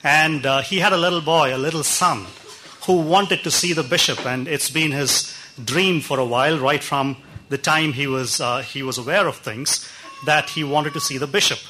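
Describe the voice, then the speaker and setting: Bright-voiced man telling sermon stories. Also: on the high side, slight background noise. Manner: warm anecdotal storytelling with pauses and fillers. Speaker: pastor. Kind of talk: sermon storytelling.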